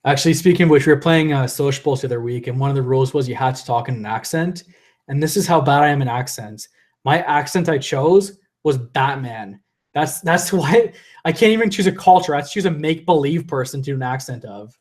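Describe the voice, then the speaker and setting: A young man chats casually on a live stream in a middle-pitched voice. He is losing his voice, so he sounds a little worn. He rambles and stumbles through restarts between laughs. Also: lively intonation, a little fast, darkish tone. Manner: rambling, self-interrupting, laughs often. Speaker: live-stream host reading viewer chat.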